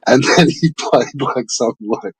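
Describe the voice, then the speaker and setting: A man in a casual chat, relaxed and swearing freely as he tells stories. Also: medium pitch, a little slow, slightly rough, low-quality recording. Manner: swears freely, laid-back banter.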